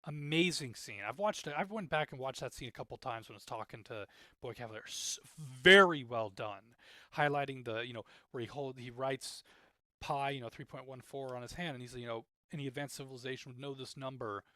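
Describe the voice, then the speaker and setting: A man giving casual, rambling commentary as a TV reviewer, growing exasperated and animated with many restarts. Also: medium pitch, fairly quick, no room sound. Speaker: TV show reviewer.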